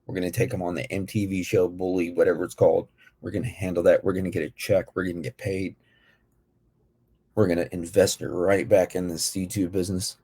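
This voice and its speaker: A man hosting a reaction video, talking in a slow, playful, slangy way. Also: low voice, flat delivery, dark tone, husky. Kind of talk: casual reaction commentary.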